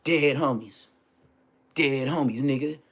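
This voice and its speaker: A middle-aged man recounting street drama in a casual, animated storytelling rant, full of slang and repeated phrases. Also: medium pitch, takes it slowly.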